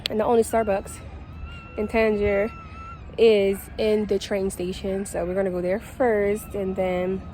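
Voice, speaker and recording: A woman talking casually to her phone camera in a vlog, excitable and chatty, full of fillers. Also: mid-range voice, a little slow, low-quality recording. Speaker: vlogger. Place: outdoors, then a station café and shops. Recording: outdoor noise behind the voice.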